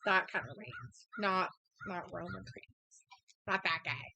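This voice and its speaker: Giggly bright-voiced woman reading chat. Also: lowish voice, a little slow, vocal fry, slight background noise, rough recording. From Idaho, USA. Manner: giggly, reads viewer comments aloud. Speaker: co-host reading chat comments. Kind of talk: casual live watch-along chat.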